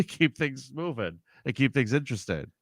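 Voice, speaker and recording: Lively, joking male podcast co-host. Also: mid-range voice, moderate pace, no echo, studio quality. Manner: jokey, riffs into funny voices. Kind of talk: casual chat.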